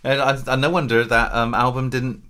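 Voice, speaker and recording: A man's voice: mid-range voice, flat delivery, a little fast, background noise. A man co-hosting a podcast and working in voiceover, chatting in a rambling, self-mocking, jokey way. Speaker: podcast co-host and voiceover artist. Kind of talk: casual chat.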